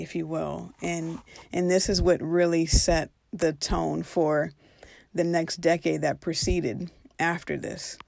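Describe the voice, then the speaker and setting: A woman's voice: on the low side, vocal fry, darkish tone, no echo, studio quality. A woman telling a personal spiritual story in an earnest, reflective way, now and then acting out her own past reactions.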